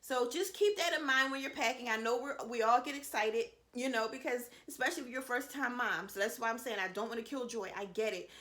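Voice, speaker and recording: A woman's voice: a little high, fast talker, few pauses, bright, forceful tone. A woman in her thirties giving casual, reassuring advice to other mothers in a vlog, peppered with "you know" and promises. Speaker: vlogger, mother of seven.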